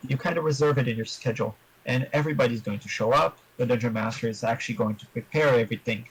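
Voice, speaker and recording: A man with a slightly husky, breathy voice talks through his tabletop campaign in a measured, explanatory way. He sits at a middle pitch and lays out advice for other players step by step. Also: dry recording, poor audio. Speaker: interview guest, tabletop player. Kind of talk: interview answers.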